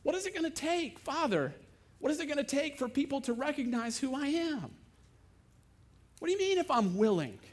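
A man's voice: sits high, expressive, normal speed. A man voicing an indignant, frustrated Jesus who fires off emphatic questions, in a dramatized sermon monologue. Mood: exasperated. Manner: exasperated, emphatic rhetorical questions.

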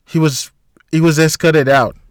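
A man voicing a kind, calm female hospital nurse in an audiobook, polite and reassuring. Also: a little high, a little slow, dry recording, studio quality, voice pushed up, close to an everyday voice. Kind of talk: audiobook character voice.

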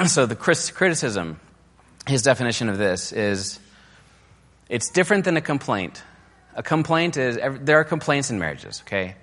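A man's voice: mid-range voice, very animated, moderate pace, fairly bright tone. A man giving a casual, conversational sermon on marriage, full of fillers and restarts, sometimes mimicking quoted criticism in a raised, mocking voice. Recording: long hall reverb.

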